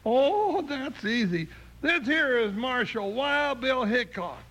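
An actor playing a bumbling, complaining deputy sidekick in a radio western, with a high raspy voice. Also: male voice, expressive, slow, bright, forceful tone, exaggerated voice, rough recording. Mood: comic fuss. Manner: comic, complaining, drawling. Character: bumbling, whiny deputy sidekick, heavyset man. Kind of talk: 1950s radio drama acting. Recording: hissy old radio recording.

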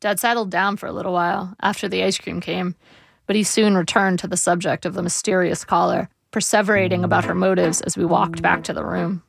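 A woman narrating her own memoir in a wry, measured, reflective way. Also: on the low side, fairly even intonation, creaky, breathy edge.

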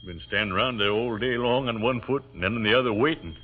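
A man's voice: mid-range voice, quick pace, lightly acted. A man playing a modest American army captain. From United States. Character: polite American infantry captain, easygoing. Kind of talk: 1940s radio acting. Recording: dull old radio recording, faint hiss.

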